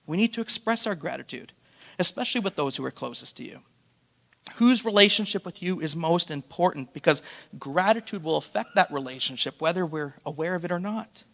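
High-voiced male pastor preaching. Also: animated, a little fast, creaky, a bit bright. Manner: preachy with rhetorical questions; playful asides to the congregation. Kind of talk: sermon. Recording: long hall reverb.

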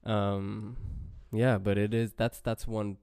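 Low-voiced man, American accent, from India. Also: level tone, slow, darkish tone, smooth, no room sound, clean studio sound. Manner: reflective and hesitant, with many fillers. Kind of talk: casual conversation.

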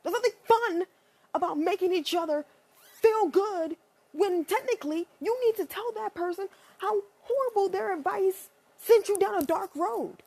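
A woman ranting in a blunt, profane and sarcastic monologue, leaping up and down in pitch. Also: normal speed, gravelly. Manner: animated, with sudden pitch jumps.

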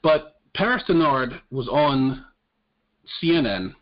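A man's voice: mid-range voice, sing-song, takes it slowly. A man co-hosting a casual podcast chat about the news, blunt and profane, often stammering as he restarts his sentences. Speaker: podcast co-host. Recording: muffled lo-fi audio.

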